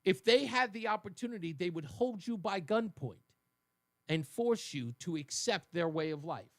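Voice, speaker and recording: A man hosting a talk radio show, delivering an emphatic, argumentative opinion monologue that swings between loud and low. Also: expressive, normal speed, no room sound, clean studio sound.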